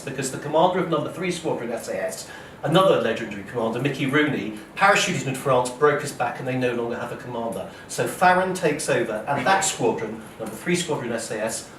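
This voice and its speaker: A man, an author giving a lively storytelling lecture, acting out quoted speech and often checking in with "okay?" and "right?". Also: medium pitch. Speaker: author giving a public talk. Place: lecture hall at a museum. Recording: roomy hall, voice from a distance, faint noise.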